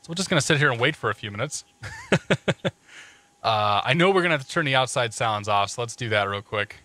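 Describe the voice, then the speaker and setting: A man's voice: mid-range voice, expressive, fast, pushed and bright. A man casually talking through cockpit checklists on a live stream, joking and greeting chat viewers as he goes. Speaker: flight sim streamer.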